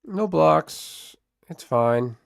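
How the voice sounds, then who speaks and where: A man's voice: fairly high pitch, expressive, very slow, vocal fry, smooth, no echo, clean studio sound. A man streaming live gameplay commentary, muttering to himself and trash-talking his opponent.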